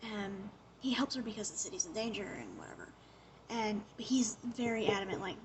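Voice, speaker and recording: A young woman in casual chat, recapping a TV show in an animated way, with lots of "like" and acted-out quotes. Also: mid-range voice, moderate pace, a little hiss or hum. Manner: chatty, animated retelling full of "like" and acted-out quotes.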